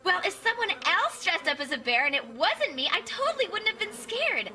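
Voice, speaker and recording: A woman's voice: extremely high pitch, big pitch swings, a little fast, bright, forceful tone, heavily acted. An actress voicing a manic, hyperactive teenage girl contestant in a cartoon, giggling and jumping wildly around in her delivery. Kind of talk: cartoon voice acting.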